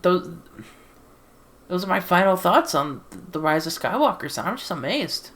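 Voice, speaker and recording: A woman's voice: fairly low pitch, very animated, moderate pace, fairly bright tone. A woman giving a casual, exasperated film review into a desktop USB microphone while seated at home, repeating herself and swearing. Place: sitting in a chair at home.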